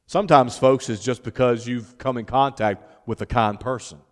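A man's voice: medium pitch, steady tone. Preaching man in a reverberant hall. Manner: preaches with emphatic, drawn-out phrases, then talks informally to the congregation. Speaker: pastor. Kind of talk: sermon.

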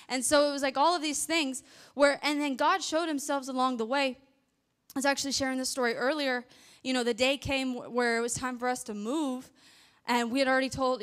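A woman's voice: a little high, a bit bright, smooth. A woman with a Southern accent telling a faith testimony in a chatty way, full of fillers and restarts. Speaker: ministry worker sharing testimony.

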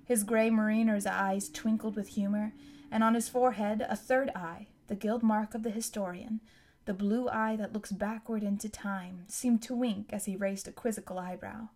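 A woman narrates a novel aloud in a steady, even storytelling style. Her voice sits in the mid range and moves at normal speed, as fits scripted audiobook narration.

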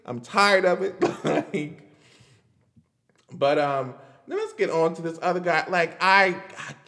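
A man hosting a casual commentary show, animated and laughing, repeating his lines for emphasis. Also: on the high side, slow, in a large hall. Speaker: host.

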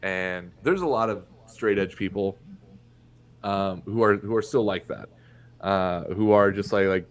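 A man's voice: low-pitched, unhurried. A young man from Indiana, a podcast guest, telling a personal story in a candid, blunt way and swearing freely. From Indiana, USA. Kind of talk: casual storytelling in conversation.

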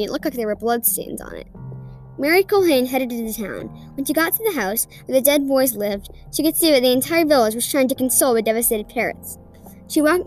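A woman hosting a podcast, reading a ghost story aloud in an earnest, deliberate way. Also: high-pitched. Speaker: podcast host.

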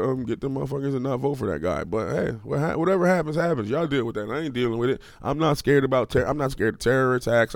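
Male podcast host, gravelly, profane ranter jumping from low grumble to shrill outbursts, dry close-mic sound. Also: no echo. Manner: heated, profane, swings from low mutter to high-pitched outbursts. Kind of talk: profane ranting monologue.

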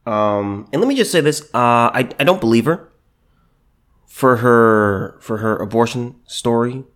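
Man, commentator, emphatic, repeats himself, mid-pitched voice. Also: expressive, measured pace, fairly bright tone. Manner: emphatic and repetitive, with many restarts. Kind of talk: opinionated video commentary, reading news aloud.

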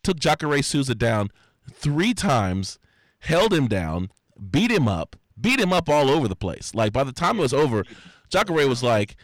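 A man's voice: mid-range voice, very animated, normal speed, dry recording. Guy with a cold, voice bouncing up and down, joking around about fights, dry mic. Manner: jokey, throws in silly impressions. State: has a cold. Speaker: podcast co-host. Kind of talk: casual sports chat, reading results.

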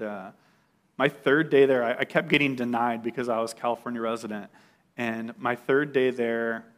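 A young man sharing a personal testimony in a casual storytelling style, full of "like" fillers and animated retelling. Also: medium pitch.

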